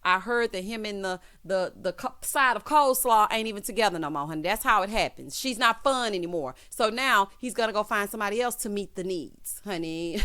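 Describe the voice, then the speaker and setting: A woman recapping a reality show in casual commentary, sassy and expressive, calling her viewers "honey" and "child" and acting out quotes in a raised voice. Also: mid-range voice, brisk. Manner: uses "honey" and "child" often.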